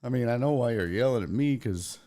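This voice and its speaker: Profane, animated middle-aged man. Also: medium pitch, a little fast. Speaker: sports talk show host. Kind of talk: casual rambling storytelling.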